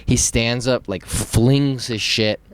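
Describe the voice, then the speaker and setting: A man co-hosting a podcast, telling a story in casual chat, animated and laughing often as he acts out quotes. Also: mid-range voice, slow, a little hiss or hum. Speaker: podcast co-host.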